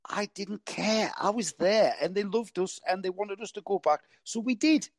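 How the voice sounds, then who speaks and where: A man's voice: high voice, moderate pace, no room sound. A man from the northeast of England with a northeast English accent, a racing commentator chatting casually on a panel.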